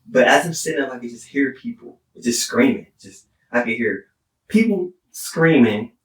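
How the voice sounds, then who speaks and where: Heard through a distant mic in a roomy space, a young man from Houston, Texas, a singer-songwriter appearing on a podcast, tells a personal story. His medium-pitched, slightly bright voice runs a little fast, and he meanders with frequent "like"s and restarts.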